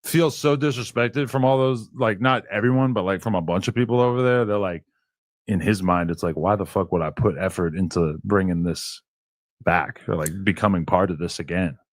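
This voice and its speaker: A man talking casually on a podcast, rambling and reaching for "like" between thoughts. His voice sits on the low side, recorded dry and close. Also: moderate pace, no echo. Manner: loose, rambling, full of "like".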